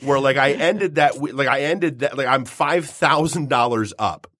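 A man's voice: mid-range voice, moderate pace, fairly bright tone, no echo, studio quality. A man in his twenties, a podcast co-host, telling a rambling, self-mocking story in casual chat. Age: 20s.

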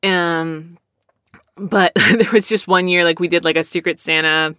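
A woman's voice: lowish voice, fairly even intonation, unhurried, sharp tone, smooth, no room sound, clean studio sound. A woman with a lisp, chatting casually and rambling as a streamer reads out viewer comments, laughing often. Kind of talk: casual chat.

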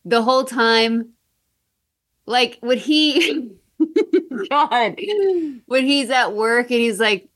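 A woman talking casually on a podcast about a film, animated and laughing as she acts out scenes. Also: on the high side, drawn-out words, pauses often. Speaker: podcast guest.

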